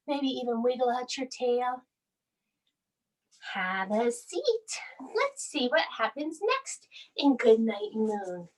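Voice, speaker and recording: A woman leading a children's bedtime yoga class, speaking in a gentle, soothing, sing-song way as she reads a storybook aloud. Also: high-pitched, very animated, slow. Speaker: yoga instructor.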